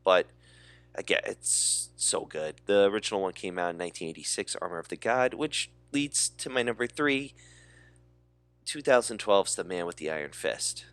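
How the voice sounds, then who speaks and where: A man's voice: low voice, expressive, moderate pace, fairly bright tone, no echo. A man co-hosting a movie podcast, talking enthusiastically and rambling with fillers. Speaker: podcast co-host. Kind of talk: casual movie chat.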